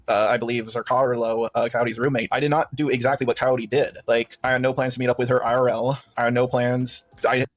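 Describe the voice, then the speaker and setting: A man on a recorded call defending himself, hedging with fillers. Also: medium pitch. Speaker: interview guest. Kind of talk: defensive conversation.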